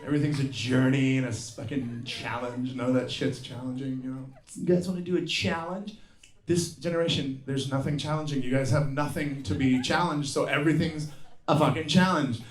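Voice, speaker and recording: A man's voice: medium pitch, steady tone, a little fast. A man in his fifties doing a profane stand-up set, ranting in exasperation and mocking people with put-on voices. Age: 50s. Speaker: stand-up comedian. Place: live comedy venue with audience. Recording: roomy live venue with crowd laughter.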